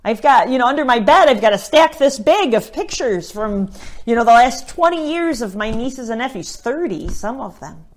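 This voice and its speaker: This Catholic missionary, a woman in middle age, speaks at a moderate pace in a higher register with lively intonation. She teaches scripture informally and conversationally, often pausing to check in with her listener through tag questions.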